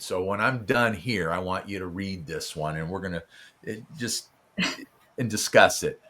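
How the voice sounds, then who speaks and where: A man's voice: low voice, moderate pace, bright, forceful tone. A man hosting a podcast interview, effusive and stammering, getting emotional and welling up. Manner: effusive, stammers with repeated words. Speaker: podcast host. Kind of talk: casual interview chat.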